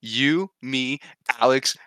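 A man's voice: medium pitch, bright, forceful tone, clean tone, dry recording. A young man co-hosting a podcast, joking around and teasing his friends in casual chat. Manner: teasing, joking, quick to interrupt. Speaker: podcast co-host.

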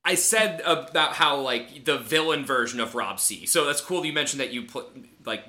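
Podcast co-host, man, joking, very bright, sharp tone. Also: mid-range voice, normal speed. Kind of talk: casual chat.

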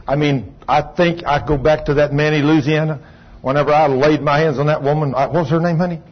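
A man's voice: fairly high pitch, steady tone, brisk. A man, preaching a sermon in an emphatic, folksy storytelling manner. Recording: dull lo-fi sermon recording.

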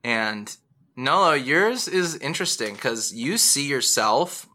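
A man's voice: medium pitch, very animated, takes it slowly, pushed and bright. Rambling man running a tabletop game. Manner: rambling, with many fillers and self-corrections. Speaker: game master.

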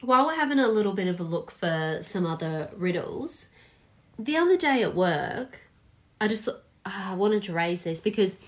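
An Australian woman co-hosting a casual podcast chat, animated and acting out quotes, swearing casually. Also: lowish voice. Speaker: podcast co-host.

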